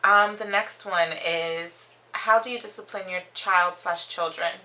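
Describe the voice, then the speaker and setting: A woman's voice: fairly low pitch, fairly even intonation, unhurried, pushed and bright, a little hiss or hum, poor audio. A young woman chatting to camera as a mom vlogger, reading questions from her phone with lots of ums. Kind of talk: casual chat to camera.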